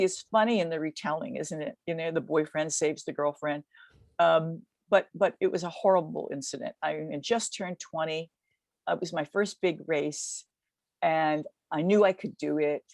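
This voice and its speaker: A woman in her seventies, a podcast guest, retelling a past event in vivid, lively storytelling with quick restarts. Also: low-pitched, vocal fry, dry recording. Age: 70s. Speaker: guest recounting a race.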